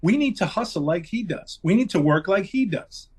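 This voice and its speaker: A man's voice: sits high, lively intonation, normal speed, darkish tone, slightly rough. A man co-hosting a podcast, giving a jokey, hyped-up plug and urging listeners like a preacher. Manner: hyped, mock-preachy exhortation. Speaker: podcast co-host.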